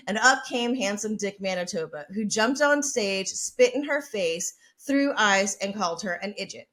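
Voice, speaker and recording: A woman's voice: mid-range voice, expressive, moderate pace, a bit bright. A woman podcast host telling a story in a brash, chatty, profane way. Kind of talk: casual storytelling.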